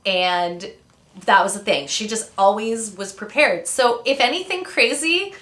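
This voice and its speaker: A woman's voice: a little high, a little slow, a bit bright, roomy sound. A woman in her thirties from Canada, chatting as an interview guest, rambling through stories with many fillers and tangents. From Ontario, Canada. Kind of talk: casual interview storytelling.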